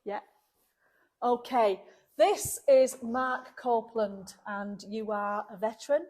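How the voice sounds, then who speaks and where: A woman hosts a casual vlog, talking straight to her viewers in a slightly high voice. She is emotional and quick to laugh, and thanks people warmly as she goes. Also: steady tone. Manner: warm, emotional, laughs often. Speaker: vlogger leading a car restoration. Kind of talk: casual chat to camera.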